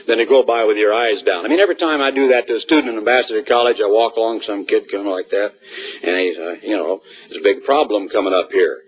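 A man's voice: lowish voice, fast talker, breathy edge, dull audio. A man speaking to new college students in an auditorium, giving a folksy assembly address and acting out little scenes.

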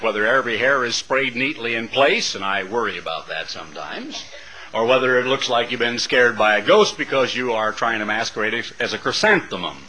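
A man's voice: mid-range voice, bright, forceful tone, poor audio. A middle-aged man preaching a sermon to a congregation, building dramatic, rhythmic lists of phrases. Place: church sanctuary before a congregation.

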